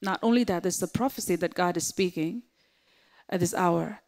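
A woman pastor preaching a sermon, swinging between loud exclamations and hushed, whispered asides. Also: fairly low pitch, moderate pace.

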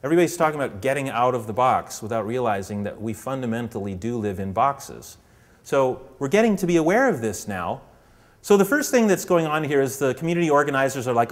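A man giving a storytelling lecture to an audience, animated and putting on voices for characters. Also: mid-range voice, a little fast, in a large hall. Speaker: public speaker.

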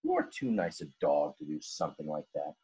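A man voicing a kind young boy who gently scolds a dog, reading a storybook aloud. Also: extremely low pitch, big pitch swings, moderate pace, husky, voice pushed down, full character voice. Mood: scolding.

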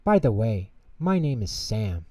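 A man's voice: lowish voice, big pitch swings, measured pace, dark tone, no room sound, far from the mic. A man voicing a small, eager young male penguin in a storybook, talking urgently and pleadingly. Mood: curious.

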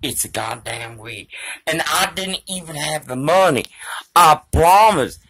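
A man's voice: on the high side, expressive, normal speed, sharp tone, slightly rough. A man vlogging to a phone camera in a rambling, profane monologue that drifts between topics.

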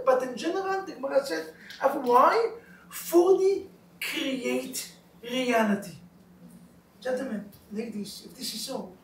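Animated, high-voiced rabbi in an echoey hall. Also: male voice, a little hiss or hum. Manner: animated storyteller, broken English, asks the class questions. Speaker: rabbi teaching a couples class. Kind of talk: lively teaching with jokes. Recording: roomy echo, recorded from far off.

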